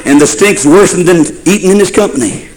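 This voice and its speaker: A man's voice: high-pitched, animated, normal speed, a crowd in the background, rough recording. A man preaching a sermon in a folksy storytelling way, building to fervent repeated phrases.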